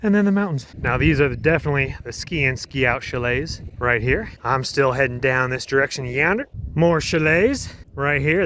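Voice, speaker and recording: A man talking in a casual, rambling vlog style as he skis, enthusiastic, speaking warmly about his faith. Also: a little high, a little hiss or hum. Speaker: travel vlogger. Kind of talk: casual vlog narration while skiing. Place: outdoors on a ski mountain.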